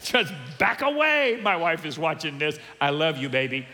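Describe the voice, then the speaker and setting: A male pastor preaching a sermon, animated and humorous, acting out the voices of the people he quotes. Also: on the high side, moderate pace, few pauses, noisy background. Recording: long hall reverb.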